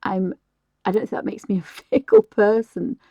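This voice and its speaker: A middle-aged woman from England chats loosely as she colours on a live stream, her thoughts wandering and doubling back. Her voice sits at an ordinary pitch, and the recording is dry and close, with no room around it. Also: moderate pace, mellow, no echo, lo-fi sound. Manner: chatty and rambling, with frequent laughs and restarts. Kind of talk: casual chat while colouring.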